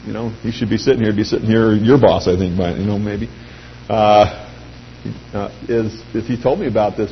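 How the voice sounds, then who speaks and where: Middle-aged guy pitching to a crowd, animated storyteller, dull lo-fi sound w/ faint hum. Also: moderate pace. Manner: lively storytelling, acts out quoted voices. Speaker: speaker addressing a sales audience. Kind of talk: anecdotal pitch speech.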